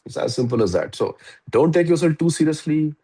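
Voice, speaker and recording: A man in his fifties with an Indian English accent, giving a lively, chuckling motivational talk to students. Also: on the high side, fairly quick, creaky, breathy edge, rough recording. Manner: animated, chuckling storyteller. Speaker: guest speaker.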